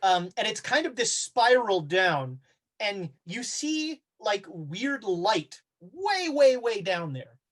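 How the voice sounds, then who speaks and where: A man's voice: high voice, very animated, slow, a bit bright. A man running a tabletop horror game, narrating scenes casually with many fillers and restarts. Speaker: game master.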